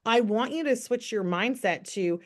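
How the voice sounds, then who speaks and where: A woman's voice: on the high side, lively intonation, moderate pace. A woman giving a casual, upbeat sales training on a call, coaching listeners and often asking rhetorical questions. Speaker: network marketing team trainer.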